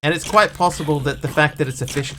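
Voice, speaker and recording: A man's voice: on the high side, quick pace, bright, forceful tone. Chatty male streamer, rambling over noise. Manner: rambling, chatty, thanks viewers for gifts. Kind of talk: casual live-stream chat while gaming.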